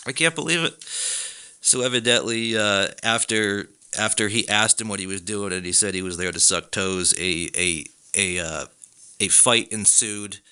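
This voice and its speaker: Man, podcast host, casual comic rant, profane, very bright tone, mocking voices. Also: normal speed, clean tone. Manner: animated, profane, laughs often, slips into high mocking voices. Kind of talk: casual comedic monologue.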